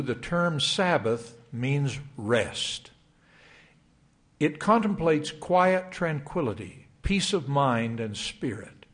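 An older man delivering a sermon to young adults, reading scripture in a measured, emphatic way. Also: mid-range voice. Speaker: church speaker.

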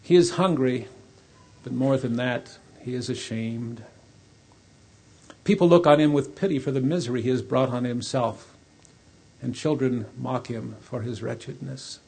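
Brief: male preacher, gravelly and unhurried, telling a sermon story vividly. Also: mid-range voice, darkish tone. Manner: slow, vivid, dramatic retelling.

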